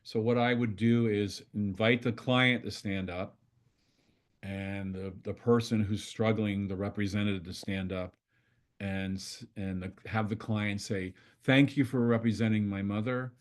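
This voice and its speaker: An older man with a somewhat low voice tells a story as a facilitator. He talks in a loose, conversational way. He slips into the voices of the people in his story as he goes. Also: fairly even intonation, unhurried. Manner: conversational, acts out dialogue with swearing quotes. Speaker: constellation facilitator. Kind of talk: storytelling in an online talk.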